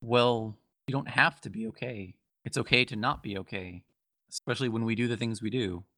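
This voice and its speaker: A man's voice: mid-range voice, pushed and bright, no echo, studio quality. A man voicing an earnest male adventurer who speaks kindly and reassuringly, with small hesitations. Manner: kind, reassuring, slightly halting. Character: gentle, earnest male adventurer offering comfort.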